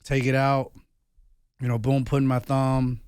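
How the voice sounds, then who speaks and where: A man's voice: medium pitch, flat delivery, a little slow, a little mellow, clear, resonant tone, dry recording, clean studio sound. A man in his thirties, a podcast host and former pastor, telling personal stories in a candid, earnest way. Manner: earnest, confessional storytelling peppered with "bro". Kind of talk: candid conversation.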